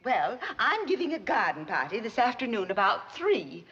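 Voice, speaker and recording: An actress playing a prim, fussy high-society woman who talks in a refined, genteel way and is easily upset, on muffled old TV sitcom audio. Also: big pitch swings, moderate pace, fairly bright tone.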